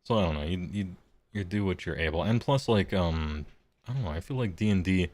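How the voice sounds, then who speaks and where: Game master, man, very low voice, rambling and self-deprecating table talk. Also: brisk, a little mellow. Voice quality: deep voice. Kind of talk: casual chat before a live-streamed game.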